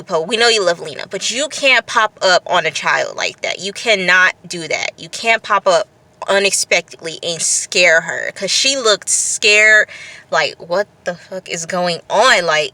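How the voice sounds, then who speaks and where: A woman talking through a TV episode in an unscripted casual recap, expressive and repetitive, laughing at times. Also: fairly low pitch, dry recording. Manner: expressive, repeats phrases, breaks into laughs. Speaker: TV review vlogger.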